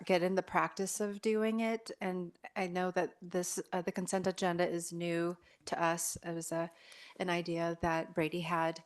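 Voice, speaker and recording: A woman chairs a city board meeting in a casual, agreeable manner. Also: on the low side. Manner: casual, agreeable, with fillers like 'kind of'.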